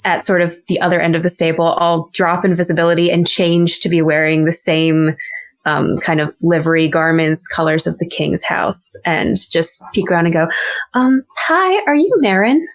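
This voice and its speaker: A woman's voice: on the low side, fairly even intonation, normal speed. A woman playing a tabletop game, friendly and polite in a chatty way. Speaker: player.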